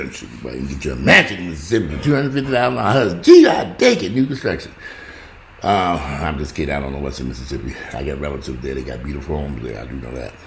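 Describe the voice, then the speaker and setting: A deep-voiced man rambles to his viewers in a casual monologue. His pitch rises and falls widely as he jumps from loud exclamations to muttered asides. A faint hiss of noise sits behind him. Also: big pitch swings, quick pace, gravelly. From United States. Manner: rambling, joking, talks straight to the audience. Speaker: vlogger.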